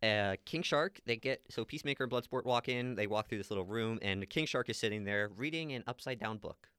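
A man's voice: medium pitch, a little fast, fairly bright tone, smooth, no room sound, clean studio sound. A man chatting casually as a podcast co-host, retelling movie scenes and quoting the characters. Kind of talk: casual chat recapping a movie.

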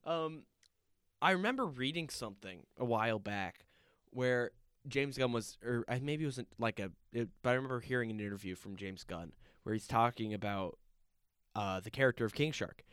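A man chatting casually as a podcast co-host about a movie, halting and restarting often. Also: medium pitch, fairly bright tone, smooth, no room sound, clean studio sound. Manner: halting, with many restarts and laughs.

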